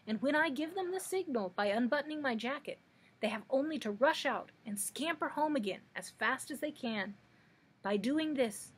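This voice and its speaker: A woman's voice: fairly high pitch, breathy edge. Woman reading as a courteous straw scarecrow. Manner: polite, formal and courteous. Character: kindly male scarecrow made of straw.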